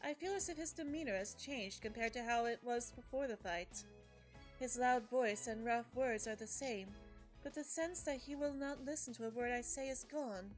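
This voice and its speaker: A woman with a fairly high voice reads a game's story text aloud at a moderate pace while faint music plays behind her. A let's play streamer, she often slips and corrects herself, tossing in asides along the way.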